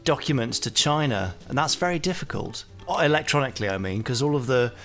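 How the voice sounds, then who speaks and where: A man's voice: medium pitch, lively intonation, a little fast, a bit bright, soft background music. Coy, hesitant male podcast guest. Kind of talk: casual chat.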